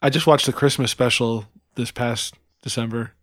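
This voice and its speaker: A man's voice: mid-range voice, steady tone, moderate pace, a bit bright. A man co-hosting a podcast, chatting casually with an enthusiastic, joking manner and some stammering. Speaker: podcast co-host. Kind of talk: casual comedy chat.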